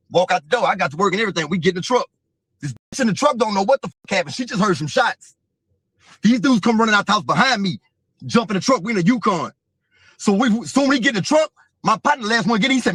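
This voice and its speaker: A man's voice: high voice, animated, fast, fairly bright tone, slightly rough, no room sound. A man telling a profane, vivid story as an interview guest. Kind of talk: casual storytelling.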